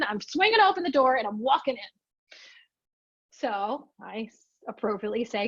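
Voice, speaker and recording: A fairly high-voiced woman trainer tells a story with lots of energy, acting out her own reactions as she goes. Her voice comes through a dry, muffled video-call microphone. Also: normal speed, pauses often, breathy edge, no echo. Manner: lively, expressive, acts out her own lines. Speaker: storytelling trainer presenting a webinar. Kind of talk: animated storytelling presentation.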